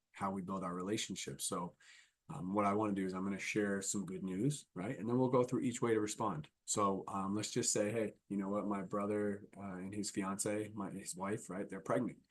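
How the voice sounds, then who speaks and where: A keynote speaker with a voice on the low side talks at normal speed with fairly even intonation. His conference talk is conversational and includes acted examples, and he often checks in with the audience by asking "right?"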